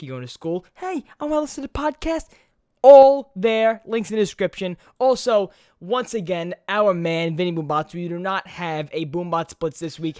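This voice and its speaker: A young man hosting a casual podcast, talking in an excitable, rambling way and swearing freely. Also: a little high, clear, resonant tone. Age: young adult. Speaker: podcast host.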